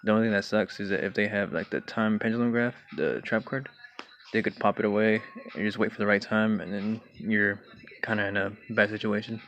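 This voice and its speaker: A young man casually walking through his card game deck, talking in a relaxed way with many fillers and throat clears. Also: on the low side, a little fast. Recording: dull lo-fi home recording with faint hiss.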